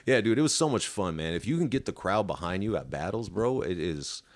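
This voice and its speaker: A man's voice: low voice, lively intonation, fairly quick. A man with a Midwestern American accent, a battle rapper telling laid-back, profanity-filled stories on a casual podcast and laughing often.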